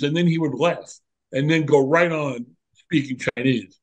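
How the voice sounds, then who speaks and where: An older man, a former monk, reminiscing in a relaxed, candid conversation and telling animated stories. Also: mid-range voice, normal speed, rough recording. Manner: animated storyteller, candid and reflective.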